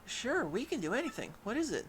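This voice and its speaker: A man's voice: very high voice, very animated, brisk. A man voicing a menacing male mafia boss with a mock New York gangster accent and a drawling tough-guy manner, with faint background noise.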